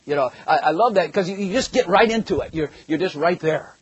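Older male preacher, husky and fairly high, rambling and emphatic Bible teaching, dry close sound. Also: fairly quick, hardly any pauses, no room sound, muffled recording. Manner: rambling, emphatic, rises to loud bursts when excited. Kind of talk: conversational sermon, reading scripture.

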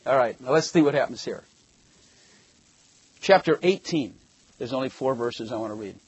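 An older man with a husky voice giving a rambling, emphatic Bible class, reading scripture and commenting, sometimes rising to loud bursts. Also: medium pitch, animated, moderate pace, no echo, poor audio. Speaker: Bible teacher. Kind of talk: conversational sermon, reading scripture.

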